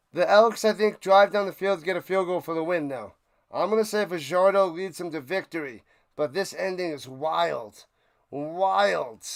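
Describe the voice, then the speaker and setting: A man's voice: sits high, clear, resonant tone. A man with a New York accent, a live-streamer chatting playfully and calling plays during a football watch party. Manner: rambling, playful, jumps between game calls and snack talk. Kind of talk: casual live play-by-play chat.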